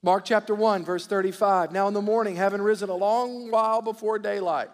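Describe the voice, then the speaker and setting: A man's voice: high voice, fairly even intonation, fairly quick, few pauses. A man preaching a sermon as pastor, calling for responses from the congregation and often repeating his words. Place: church sanctuary. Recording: reverberant church hall.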